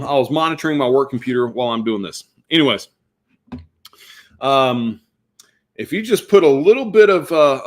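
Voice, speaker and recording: A man talks loosely to his live-stream audience at home. He rambles, circles back and repeats phrases, warm and effusive. His voice sits at an ordinary middle pitch. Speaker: fragrance influencer streaming live. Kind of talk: casual live-stream chat to viewers. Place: home room lined with fragrance bottles.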